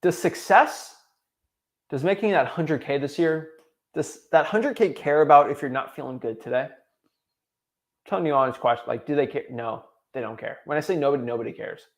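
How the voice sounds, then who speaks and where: A young man hosting a livestream, talking in an animated, emphatic way and driving his points home by repeating them. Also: medium pitch, vocal fry. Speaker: host. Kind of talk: motivational livestream talk.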